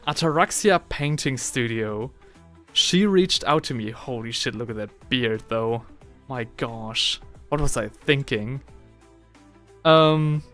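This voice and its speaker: A young man talks through a casual live stream, rambling through fillers and slang. He often gets excitable and jumps up in pitch. Faint music plays underneath, and his voice sits at an ordinary middle pitch. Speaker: livestreaming miniature hobbyist.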